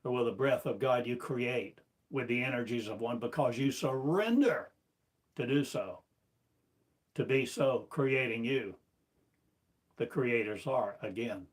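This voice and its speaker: A male spiritual teacher delivering a sermon in a slow, deliberate cadence. His voice sits in an ordinary middle register. He builds the talk from one rhetorical question after another, declaiming each. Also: medium pitch. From United States.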